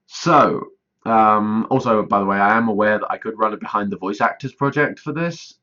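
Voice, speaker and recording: A man's voice: on the low side, moderate pace, sharp tone, muffled recording. A man casually rambling through a vlog update, self-deprecating and often stalling mid-sentence as he calls for voice auditions. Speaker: YouTuber directing a voiced let's play.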